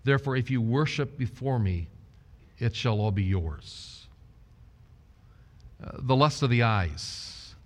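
Man preaching slowly in a reverberant hall. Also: mid-range voice, animated. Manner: slow, deliberate preaching, quoting scripture. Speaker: pastor. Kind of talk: sermon.

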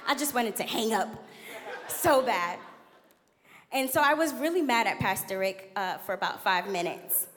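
A young adult woman giving a candid, animated sermon as a guest preacher in a church. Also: on the high side, normal speed. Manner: animated, laughing, candid storytelling. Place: church sanctuary. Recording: long hall reverb.

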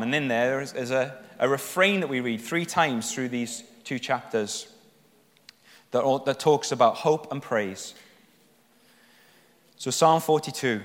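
A man preaching a sermon, reading psalms aloud and speaking emphatically, lifting his voice with passion at the high points. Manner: emphatic, rising with passion when voicing the psalmist. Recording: long hall reverb.

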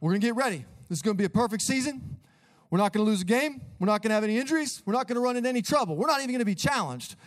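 Man putting on a sports coach, high and strained, loud pep talk, overeager, in denial. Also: expressive, racing. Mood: hyped.

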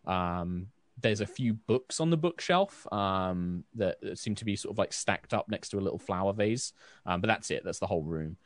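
A man's voice: deep voice, lively intonation, normal speed, dry recording. A man narrating a tabletop game as game master, casual and rambling with many fillers.

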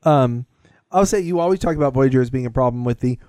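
A man's voice: mid-range voice, quick pace, mellow, clean tone, no echo. Rambling, chatty man with a dry sound. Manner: rambling, enthusiastic, laughs often. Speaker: podcast co-host. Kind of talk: casual chat.

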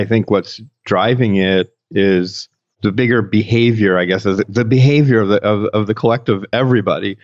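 Podcast guest, man in his sixties, low voice, dry dull recording, thoughtful and meandering. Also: dry recording. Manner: thoughtful, rambling explanations with restarts. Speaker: podcast guest, industry executive. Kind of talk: podcast interview.

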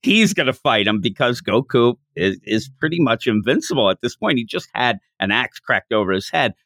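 This is a man with a middle-range voice, recorded close and dry with no room sound. He retells a comic chapter in relaxed podcast chat and acts out the lines as he goes. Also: medium pitch, normal speed, creaky, no echo. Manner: animated storyteller who acts out the characters' lines. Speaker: podcast host.

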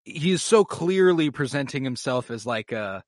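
A man's voice: medium pitch, expressive, normal speed, no room sound, studio quality. A man hosting a podcast in an eager, casual chat, quizzing his co-host.

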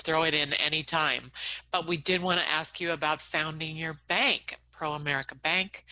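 A woman's voice: deep voice, pushed and bright, no echo, rough recording. A woman interviewer asking friendly, encouraging questions. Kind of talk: conversational interview.

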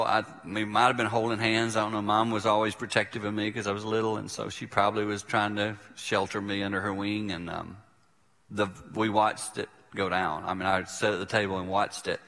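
An older man, a preacher, telling a personal story in a sermon and acting out the voices in it, sometimes dropping to a hush. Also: on the low side. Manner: vivid storyteller who acts out quoted voices. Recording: reverberant hall.

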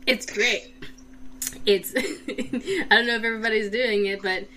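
A woman's voice: fairly high pitch, fairly even intonation, a little slow, pushed and bright, slight background noise. Laughing woman running a tabletop game. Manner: chatty, laughs often, many fillers. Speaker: dungeon master.

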